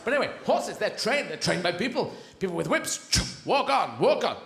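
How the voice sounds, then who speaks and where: A man performing rambling stand-up comedy with quick asides on a theatre stage. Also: a little high, very animated. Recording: echoey theatre, faint noise.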